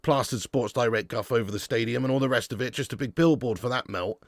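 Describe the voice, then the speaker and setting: Talking fast in a medium-pitched voice, a man hosts a football fan channel's live watch-along in dry, studio-quality sound. He banters constantly with chat, reads out super chats, and erupts in mock-outraged shouts at players.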